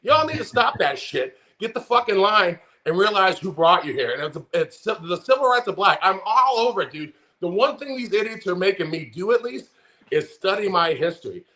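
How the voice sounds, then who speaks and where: A man's voice: high voice, very animated, normal speed, sharp tone. Fired-up profane American podcast man. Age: 40s. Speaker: podcast co-host. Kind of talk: heated political rant.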